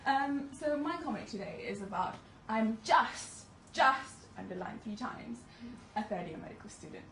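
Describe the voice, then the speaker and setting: A medical student in her twenties gives a chatty, self-deprecating presentation to an audience, laughing often. Her voice is fairly high and fairly bright, with lively intonation at normal speed, recorded in an echoey room on a distant mic with faint noise.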